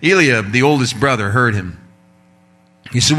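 Bright-voiced animated preacher. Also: male voice, mid-range voice, moderate pace, pauses often. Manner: animated storytelling with humorous asides. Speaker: pastor. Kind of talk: sermon.

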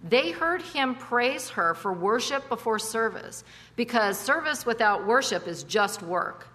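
A woman delivers a conversational sermon with a bright, forceful voice. She speaks emphatically and mixes in chatty asides and rhetorical questions, and her voice carries a long reverb from a large hall. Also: fairly high pitch, lively intonation, unhurried. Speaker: preacher.

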